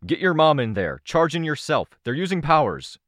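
A man voicing a middle-aged father who shouts urgent orders in the middle of a fight. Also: a little high, big pitch swings, normal speed, dry recording, studio quality, voice pushed up. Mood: urgent shouting.

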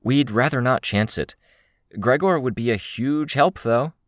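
A man's voice: medium pitch, a little slow, dry recording, pitched above the performer's own voice, close to an everyday voice. A man voicing the first-person heroine in an audiobook, speaking directly and practically in a lifted voice. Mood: earnest.

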